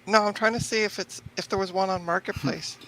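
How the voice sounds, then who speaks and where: A man in a casual group chat who asks questions and searches his memory out loud. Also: high-pitched, steady tone, brisk, slight background noise, poor audio.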